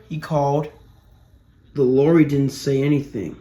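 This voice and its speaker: A narrator reading a children's train story aloud in a slow, even way. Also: medium pitch.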